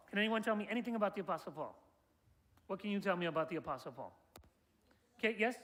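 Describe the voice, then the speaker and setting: A man with a high-pitched voice leads a class through an interactive presentation, like a guide previewing a tour. He keeps tossing questions to his listeners and praising each answer. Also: a bit bright. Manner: quizzes the audience and praises their answers. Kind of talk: interactive presentation to a student audience.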